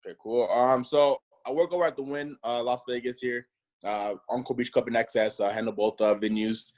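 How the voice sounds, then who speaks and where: A man's voice: medium pitch, a little fast. Laid-back man rambling in interview. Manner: relaxed, rambling, heavy with fillers. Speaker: guest, nightlife host. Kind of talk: casual interview chat.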